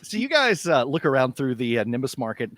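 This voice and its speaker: A man's voice: medium pitch, big pitch swings, brisk, fairly bright tone, dry recording. A man narrating a tabletop game as game master, in a loose, chatty way full of fillers.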